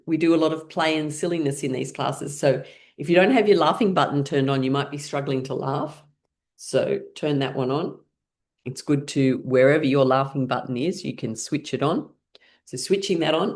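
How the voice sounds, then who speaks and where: Low-voiced woman leading laughter exercises. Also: normal speed, a little mellow. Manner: cheerful instructing with frequent laughing sounds. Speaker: laughter yoga teacher. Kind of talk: guided laughter exercise class.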